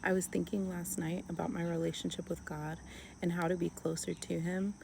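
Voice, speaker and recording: Young woman, low-ish voice, casual faith vlog, earnest and soft, crickets faintly in the background. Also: flat delivery, a little fast, creaky, slight background noise. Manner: earnest, softly spoken, with many "like" fillers and restarts. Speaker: Christian vlogger. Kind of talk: casual devotional talk to camera.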